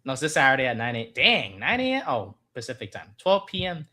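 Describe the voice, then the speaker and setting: A man who produces a sports podcast, chatting casually with loud, excited outbursts. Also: mid-range voice, a little fast.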